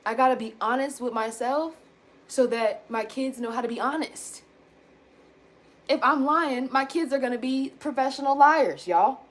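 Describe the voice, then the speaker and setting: A woman in her thirties venting candidly to her viewers, blunt and animated, swearing casually and calling them y'all. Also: high voice, normal speed. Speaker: self-help vlogger.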